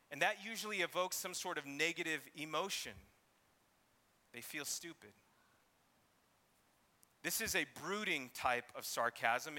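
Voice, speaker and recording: A man's voice: a little high, bright, forceful tone, in a large hall. A man preaching an expository sermon, reading scripture and sometimes acting out mocking voices. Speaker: pastor.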